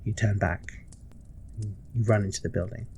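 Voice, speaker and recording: A man's voice: on the low side, fairly even intonation, moderate pace, creaky, dark tone, a little hiss or hum. A man narrating a tabletop game as game master, vivid and a little sweary.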